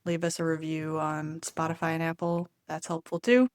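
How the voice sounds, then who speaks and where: A woman co-host chatting casually on a podcast, upbeat and quick to laugh. Her voice sits fairly low and the recording is dry and close. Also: completely flat delivery, a little mellow, no echo. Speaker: podcast co-host and enneagram coach. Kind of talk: casual chat.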